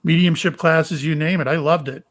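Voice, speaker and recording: Older man from Florida, somewhat higher voice, talks in starts and stops; guest telling personal stories. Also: fairly even intonation. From Florida, USA. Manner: rambling, halting, with many fillers and restarts. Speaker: psychic medium and retired police officer. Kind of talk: casual storytelling interview.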